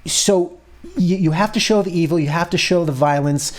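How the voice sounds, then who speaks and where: A man chatting on a podcast who stops and restarts his sentences a lot while he thinks aloud. His voice sits slightly high. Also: normal speed. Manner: hesitant, many restarts and fillers. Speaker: podcast co-host. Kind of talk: casual chat.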